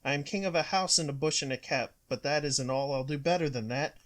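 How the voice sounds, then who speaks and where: A man voicing a bossy, boastful turtle king who barks his commands loudly in a storybook reading. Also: fairly high pitch, fairly quick, lightly acted. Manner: loud, barking commands.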